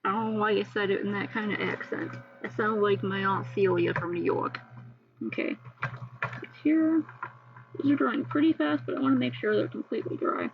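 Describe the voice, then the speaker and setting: A woman's voice: mid-range voice, moderate pace, gravelly, distant mic, muffled recording. A woman streamer chatting casually with her viewers while she works on art, reacting aloud and swearing now and then.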